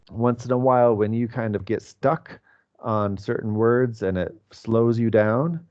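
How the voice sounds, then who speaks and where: Low-voiced man teaching on a video call. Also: lo-fi sound. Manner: patient, explanatory, many fillers. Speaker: English teacher. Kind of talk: online class teaching.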